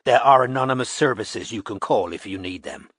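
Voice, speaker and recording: A man's voice: medium pitch, fairly quick, a bit bright, no room sound, studio quality, natural voice. A man reading a curt, weary detective. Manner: curt and blunt. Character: gruff weary male private detective.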